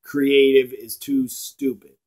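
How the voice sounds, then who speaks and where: A man ranting in a blunt, profane video review, slowing down to stress his points. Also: medium pitch, level tone, a little mellow. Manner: emphatic, slows down to stress points.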